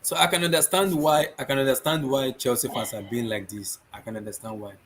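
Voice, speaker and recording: A man hosts a casual football talk, speaking at a middling pitch and circling back over the same phrases when he's riled. A faint hiss sits under his voice. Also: a little fast. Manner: excitable, repeats himself. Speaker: podcast host.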